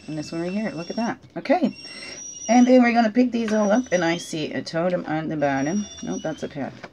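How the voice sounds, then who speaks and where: A woman's voice: on the low side, lively intonation, fairly quick, slight background noise. A woman at home, talking through a weekly oracle card reading in a casual, musing way. She keeps asking questions and checking in with "right?", and she teases herself lightly along the way. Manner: reflective, asks many questions, often adds "right?"; gently joking, laughs at herself.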